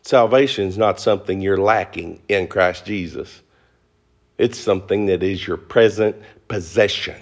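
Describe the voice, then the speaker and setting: A middle-aged male pastor preaching a sermon to a congregation, fast and folksy, rising into high emphatic bursts. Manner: fast-talking, folksy with y'all and ain't. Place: church before a congregation.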